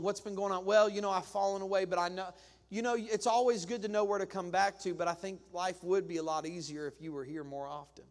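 A man preaching to his church in a chatty, down-to-earth way. He slips into quick acted-out voices for humor. His fairly high voice rings with the long reverb of a large sanctuary. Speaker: pastor. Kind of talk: sermon.

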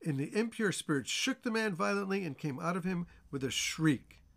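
A male pastor walking listeners through a Bible chapter for a teaching podcast. His voice sits a bit high with a gravelly rasp. He presses his points with earnest repetition. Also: expressive, moderate pace, fairly bright tone.

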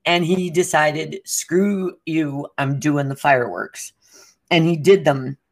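Sitting low in pitch and moving slowly, this woman co-hosts a casual chat. Through a long story she animatedly acts out each person's words, laughing throughout.

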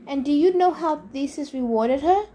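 A woman playing a haughty immortal, coldly sneering and weary of mortals. He lectures with scorn, his tone clipped and contemptuous. A storybook god with a high, bright voice from the reader. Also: normal speed, close to an everyday voice. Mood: scornful storytelling. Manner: sneering, disdainful. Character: sneering, bored male wine god, camp director.

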